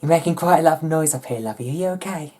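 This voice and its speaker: A woman's voice: low voice, racing, close to an everyday voice. A woman playing a nosy, fussing mother who keeps calling her child lovey, in a comedy sketch. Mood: prying. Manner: prying, gently persistent, calls her child lovey.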